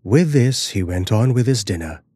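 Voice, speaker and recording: A man giving a measured, dramatic scripted narration of a horror fairy tale. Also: lowish voice, lively intonation, dark tone, husky, no echo, clean studio sound.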